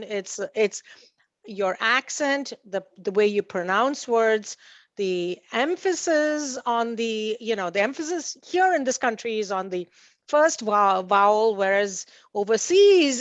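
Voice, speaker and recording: A woman's voice: a little high, dry recording. A woman on a panel talks through her points in a loose, conversational way, stopping often for fillers and false starts. The recording is dull and dry, with no room sound around her voice. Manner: hesitant, many fillers and restarts, laughs at own anecdotes. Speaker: panelist at a community meeting.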